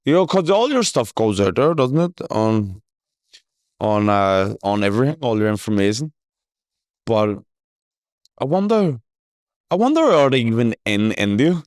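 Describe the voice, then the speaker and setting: A man's voice: mid-range voice, very animated, unhurried, pauses often, a little mellow, no echo, studio quality. A man hosting a podcast in casual chat, telling stories animatedly, swearing freely and laughing often. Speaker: podcast host.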